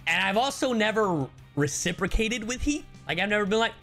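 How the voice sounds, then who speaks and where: A man from Miami, a streamer and voice actor, telling stories to his stream chat in a casual, expressive way. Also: high voice, brisk, soft background music. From Miami, Florida. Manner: animated, expressive storyteller.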